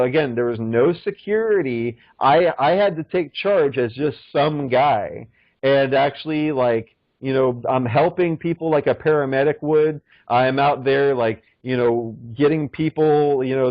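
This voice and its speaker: A man rambles through a story in a loose, profane way, padding nearly every phrase with fillers. His voice sits at an ordinary middle pitch, heard dry and close with little room sound. The recording is dull and lo-fi. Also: dry recording. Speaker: podcast guest. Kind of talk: casual storytelling.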